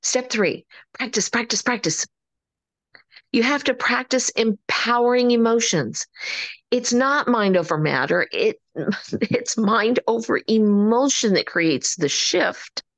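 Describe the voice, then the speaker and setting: Energetic woman giving a motivational talk. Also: on the high side, takes it slowly, dry recording. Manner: energetic, animated, preacher-like emphasis. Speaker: motivational speaker.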